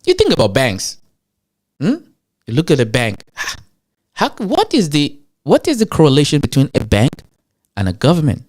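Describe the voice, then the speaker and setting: A man with an African accent hosting a show, talking to his audience in an animated rant full of rhetorical questions. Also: fairly high pitch. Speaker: show host. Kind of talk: animated ranting commentary.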